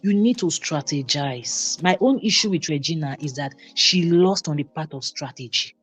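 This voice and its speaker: Woman on a panel, lowish voice, explains step by step, asks if you get her, faint music. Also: expressive, normal speed, breathy edge. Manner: explains step by step, checks if understood. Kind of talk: panel debate.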